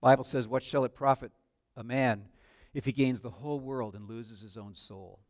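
An older man preaching a sermon as a pastor, earnest, with sudden swells and drops in loudness. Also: medium pitch, fairly even intonation, normal speed, dry recording, studio quality.

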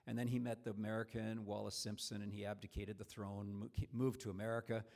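A man's voice: lowish voice, little pitch movement, fairly quick, creaky, darkish tone. Conversational male preacher. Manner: conversational, storytelling, frequent restarts. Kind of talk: sermon.

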